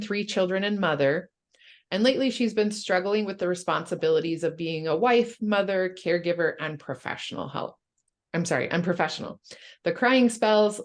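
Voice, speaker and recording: A woman presenting a workplace wellness training online, speaking gently with many fillers and reading out a case. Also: fairly low pitch.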